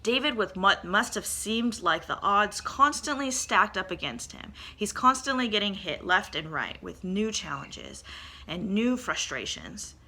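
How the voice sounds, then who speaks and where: A woman's voice: mid-range voice, very animated, unhurried, bright, forceful tone. A young woman giving an earnest, conversational church devotional, reading scripture and asking rhetorical questions.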